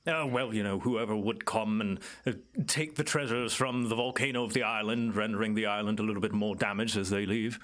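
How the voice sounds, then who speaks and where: A man's voice: lowish voice, fairly even intonation, fairly quick, hardly any pauses, fairly bright tone, natural voice. A man voicing a courteous, well-read male ettercap islander in a tabletop game, speaking in polite, formal phrases. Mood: explanatory. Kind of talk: tabletop role-play character voice.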